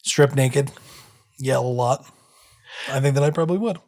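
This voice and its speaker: A man's voice: mid-range voice, moderate pace, darkish tone. A man co-hosting a casual podcast, nerdy and self-deprecating as he explains things. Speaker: podcast co-host. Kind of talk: casual chat.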